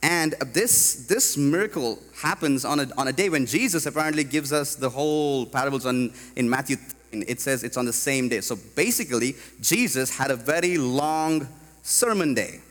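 A man from India preaching a sermon to a congregation, animated and rising to loud emphatic peaks. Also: mid-range voice, measured pace, in a large hall. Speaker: pastor. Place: large church hall.

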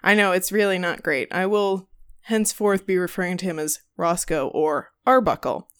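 A woman's voice: on the low side, moderate pace, fairly bright tone, clear, resonant tone. A young adult woman telling a story in casual chat, rambling with many ums and restarts, laughing and swearing as she goes. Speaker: podcast co-host.

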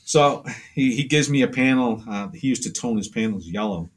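With a little hiss or hum in the recording, a pastel artist speaks in an animated mid-range voice at a moderate pace as an interview guest. He rambles through anecdotes, uses lots of fillers, and performs the quoted lines.

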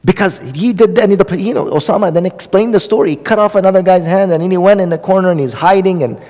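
Male religious lecturer, higher voice, chatty teaching style, echoey hall. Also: fast talker, warm tone. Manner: conversational, with many fillers and repetition for emphasis. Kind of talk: Islamic religious lesson.

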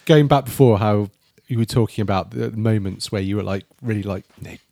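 A man's voice: on the low side, fairly quick, gravelly, dark tone, no room sound. A man chatting casually as a podcast co-host reviewing a film, rambling and restarting his sentences.

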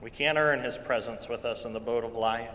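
A man preaching a sermon in earnest tones, repeating phrases and swinging from loud to hushed. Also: mid-range voice, steady tone, a little fast, slight background noise. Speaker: pastor. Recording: long hall reverb.

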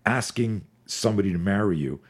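A man in his forties, a fear management expert on a podcast, talking in an energetic, profane, storytelling way. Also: sits low, brisk, breathy edge. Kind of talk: podcast conversation.

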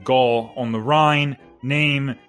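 A man's voice: mid-range voice, fairly even intonation, very slow, fairly bright tone, clear, resonant tone, soft background music. A man co-hosting a casual history podcast, telling the story with rambling asides and jokes. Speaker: podcast co-host.

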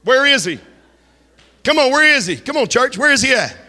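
Pastor, male, fiery shouted sermon, bright tense tone, chanting cadence. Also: very high-pitched, sing-song, moderate pace. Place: church hall. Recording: reverberant church hall.

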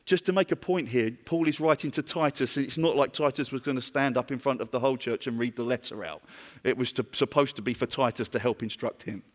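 A man's voice: medium pitch, fast talker, long reverb tail. A man from Britain with a British accent, preaching a conversational sermon and putting questions to his congregation.

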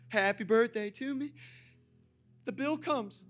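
A young man preaching a sermon to his congregation, lively and direct, swinging from loud calls to quiet storytelling and laughing often. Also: high-pitched, moderate pace, faint music behind. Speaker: pastor.

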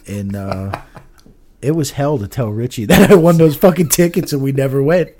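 A man's voice: mid-range voice, brisk, dark tone. A man chatting casually on a podcast, rambling, swearing often and trailing off with "I don't know.". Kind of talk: casual chat.

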